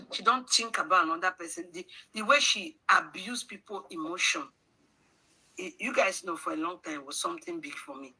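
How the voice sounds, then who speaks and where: Nigerian woman ranting on her livestream, very bright sharp voice, keeps firing questions at viewers. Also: fairly low pitch, husky, low-quality recording. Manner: scolding, rhetorical questions, mixes in pidgin. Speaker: livestream host. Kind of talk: livestream commentary.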